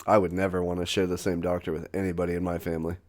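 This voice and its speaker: A man's voice: low voice, little pitch movement, rapid-fire, a little mellow. A man co-hosting a podcast in casual chat, joking, swearing freely and echoing his partner's lines. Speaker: podcast co-host.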